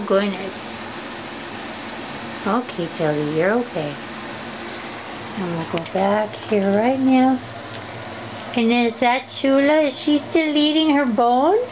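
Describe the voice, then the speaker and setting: A woman at home talking to her pets in sing-song baby talk. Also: a little high. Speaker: pet owner. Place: home, indoors. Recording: home recording with steady background noise.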